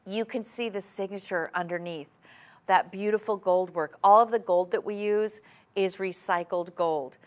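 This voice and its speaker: A woman hosting a TV shopping show, giving a chatty, enthusiastic sales pitch. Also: fairly bright tone. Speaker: TV shopping host.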